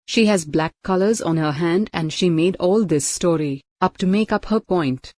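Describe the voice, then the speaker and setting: A woman voicing a scheming villainous woman, read out flatly with a slightly raised voice. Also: on the low side, normal speed, no echo, lightly acted.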